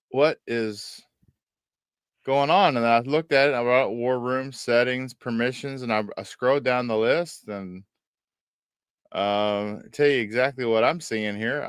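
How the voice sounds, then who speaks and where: A man's voice: medium pitch, unhurried, smooth, no echo, studio quality. A man hosting a casual gaming podcast, talking in a playful, joking way. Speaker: podcast host. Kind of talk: casual chat.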